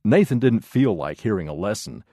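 Lively low-voiced male storyteller. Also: normal speed, no room sound, studio quality. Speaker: narrator. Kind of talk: storybook narration.

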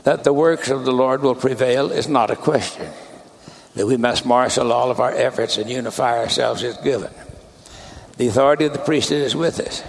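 A man delivering a sermon as a church leader, in a measured, deliberate preaching cadence. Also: mid-range voice, creaky.

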